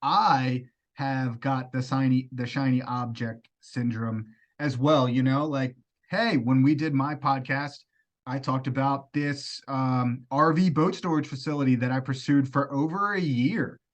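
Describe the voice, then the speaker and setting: A man co-hosts a podcast, speaking in a loose, candid way at a middle pitch. He pokes fun at himself and talks straight to the listeners. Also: fairly even intonation, unhurried. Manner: candid, loose, self-deprecating. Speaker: podcast co-host. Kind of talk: casual podcast chat.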